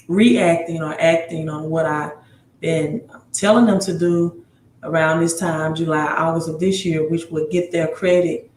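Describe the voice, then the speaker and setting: A man's voice: a little high, slight background noise. A man hosting a casual livestream on credit advice. He greets viewers by city, reads their comments aloud and reads news items aloud, often adding "right?", and he sounds tired. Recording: roomy room with faint ambience.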